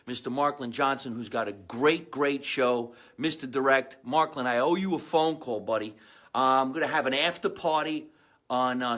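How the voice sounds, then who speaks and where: A man's voice: fairly high pitch, fairly bright tone. A man hosting a comedy podcast from a home basement, rambling through sponsor plugs and stories in a chatty, salesman-like way.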